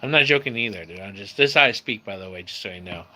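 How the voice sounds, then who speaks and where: Here the laid-back San Diego streamer sounds animated and racing, his lowish voice pushed and bright. Chatting casually with viewers at home near a screen door, he calls everybody bro and dude.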